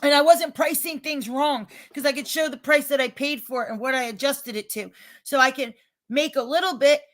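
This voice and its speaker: A woman with a regional American accent, rambling and emphatic as she talks straight to her livestream chat, getting loud when she is upset. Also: high voice, moderate pace. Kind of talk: casual chat, defensive and venting.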